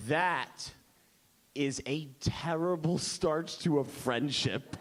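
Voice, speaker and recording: A man performing a stand-up comedy set on a club stage, telling stories with animated delivery and shouted punchlines. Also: fairly high pitch, slow pace. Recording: noisy live club recording.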